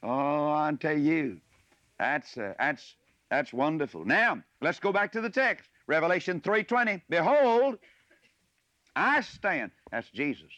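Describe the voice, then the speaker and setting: A man preaching a sermon, slipping from homely asides into lifted, ringing scripture. His voice sits a little high and swings widely in pitch. The recording is dry and close, with a dull, lo-fi sound. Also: animated, a little slow, no room sound. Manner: folksy asides that swell into loud preaching on scripture.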